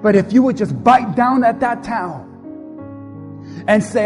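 A man's voice: sits high, animated, a little slow, pauses often, darkish tone. A man preaching as a pastor, giving an impassioned altar-call sermon with a repetitive preaching cadence and leading the congregation in prayer. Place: church sanctuary. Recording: long hall reverb, faint music.

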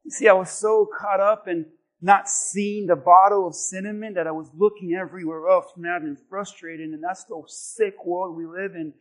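A man preaching a sermon as pastor, telling stories animatedly and swinging between loud bursts and hushed lines. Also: high voice, fairly even intonation, moderate pace, hardly any pauses.

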